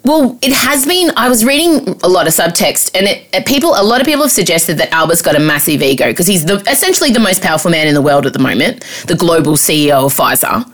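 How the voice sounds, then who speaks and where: An Australian woman co-hosting a podcast, chatting casually and telling stories in an animated, sweary way. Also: fairly low pitch, fast, few pauses. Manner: animated, sweary storytelling with mock voices. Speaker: podcast co-host. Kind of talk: casual chat.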